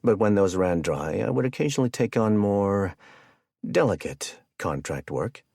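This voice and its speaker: A man's voice: lowish voice, expressive, normal speed, gravelly, darkish tone, slightly rough, no echo, clean studio sound, exaggerated voice. A man playing a jovial, sadistic male hitman who chats and jokes while he menaces his captive. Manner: chatty, joking, casually menacing.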